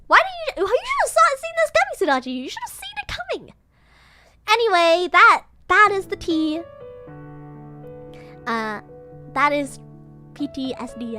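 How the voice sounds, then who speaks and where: High, bright-voiced woman streamer. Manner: animated, giggly, playfully dramatic. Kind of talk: casual livestream storytelling.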